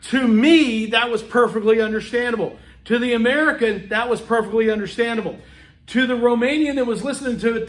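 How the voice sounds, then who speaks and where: High-voiced male lecturer in an echoey room. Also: fairly bright tone. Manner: conversational, acts out dialogue, frequent okays. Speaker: college instructor. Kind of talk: classroom lecture. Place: classroom. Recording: echoey room, mic far off.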